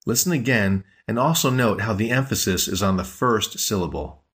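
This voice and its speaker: A man hosting a podcast language lesson, explaining phrases patiently and slowing down to stress key words. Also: fairly low pitch, a bit bright. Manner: clear, patient explaining with slowed-down emphasis.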